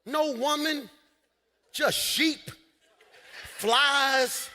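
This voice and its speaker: A man preaching from a church stage, his high voice rising into shouts and laughs. The tone is bright and forceful, and it rings out with a long tail of reverb across the large hall. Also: very slow. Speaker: pastor. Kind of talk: sermon.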